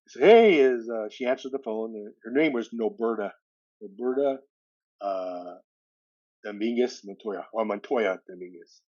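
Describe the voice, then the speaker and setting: A man's voice: fairly low pitch, moderate pace, highs cut off. A man, a podcast guest telling a personal story with acted-out dialogue. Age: 60s. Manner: lively retelling with acted-out dialogue.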